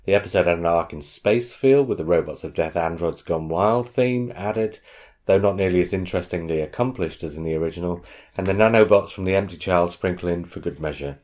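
A man's voice: low-pitched, a little fast, hardly any pauses, a little mellow, close to an everyday voice. A man putting on a Missouri American accent to read out a fan's critical letter. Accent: put-on Missouri American. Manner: reading a letter aloud in a put-on drawl.

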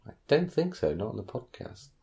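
A man's voice: medium pitch, lively intonation, brisk, gravelly, mellow. A man hosting a casual podcast, joking with co-hosts and reading out emails. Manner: jokey, reads out listener emails. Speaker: podcast host. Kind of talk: casual chat.

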